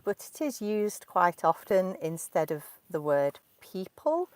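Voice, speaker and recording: A woman in her thirties with a Derbyshire accent, an English teacher answering questions from learners in slow, clear speech, recorded inside a parked car. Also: fairly low pitch, sing-song, darkish tone, no echo. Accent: Derbyshire English, clearly spoken. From Derbyshire, England.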